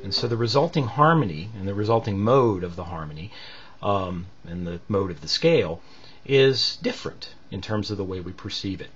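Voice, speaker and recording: A man's voice: deep voice, animated, normal speed, breathy edge, dull audio. A man teaching a recorded music lesson, explaining patiently with many fillers between demonstrations.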